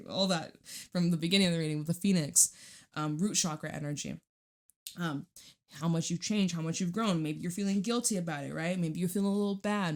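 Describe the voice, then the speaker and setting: A woman giving a casual tarot reading to camera, chatty and reassuring, swearing casually and jumping between thoughts. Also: fairly low pitch. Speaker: tarot reader.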